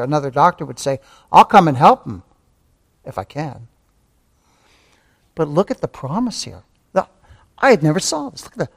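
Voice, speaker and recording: Slightly high and creaky, the pastor's voice carries a sermon full of repeated key phrases and rhetorical questions. He refers to his listeners as beloved and builds toward fervent emphasis.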